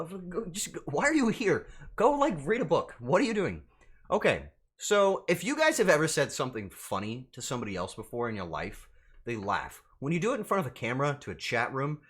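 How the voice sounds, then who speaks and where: A male streamer talking casually to his live chat in a bright, forceful voice. His pitch leaps all over the place as he bickers with viewers in flustered, swearing banter. He sits somewhat high for a man. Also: slightly rough.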